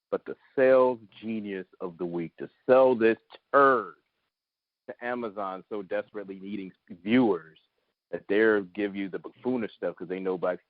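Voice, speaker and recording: A man's voice: deep voice, dry recording. A man co-hosting a casual podcast, ranting bluntly and sarcastically. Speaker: podcast co-host. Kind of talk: casual chat. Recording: tinny phone-like line.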